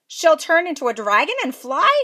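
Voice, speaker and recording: A half-deaf old fairy, played by a woman in a storybook reading. She squawks her confused questions in a shrill, very high voice that leaps all over. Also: lively intonation, moderate pace, fairly bright tone.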